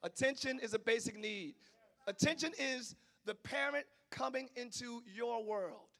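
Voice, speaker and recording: Male preacher; bright, sharp tone, animated delivery with sudden shouts. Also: extremely high pitch, unhurried. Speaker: pastor. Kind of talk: sermon.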